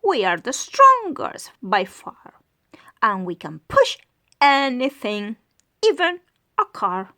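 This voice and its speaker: A woman voicing big boastful crocodiles in a storybook reading, slow and proud. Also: on the high side, wildly swooping pitch, sharp tone, heavily acted.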